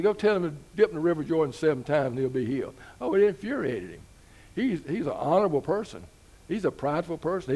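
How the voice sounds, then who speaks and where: A man's voice: fairly high pitch, mellow. A man preaching a sermon as pastor, talking to the congregation in an easygoing way with rhetorical questions and rising emphasis.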